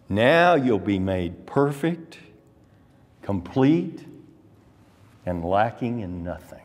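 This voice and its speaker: Slow, emphatic preacher in a reverberant hall. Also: male voice, on the low side, sing-song. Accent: Texan. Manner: emphatic, slow deliberate preaching with rising exclamations. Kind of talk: sermon. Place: church sanctuary.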